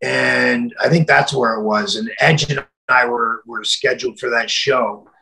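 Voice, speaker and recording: A middle-aged man telling a story in an interview, acting out the quoted voices and sometimes shouting them. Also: mid-range voice, fairly even intonation, measured pace, creaky, rough recording. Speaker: interview guest.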